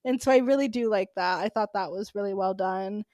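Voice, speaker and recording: A woman co-hosting a podcast in casual chat, animated and laughing as she rants. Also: medium pitch, a little fast, dry recording. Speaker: podcast co-host.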